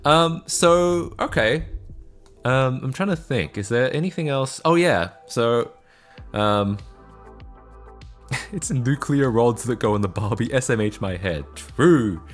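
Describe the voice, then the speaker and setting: On a live stream, a young Australian man with an Australian accent chats casually, poking fun at himself and laughing often while answering chat. He talks slowly in an expressive mid-range voice, with faint music in the background.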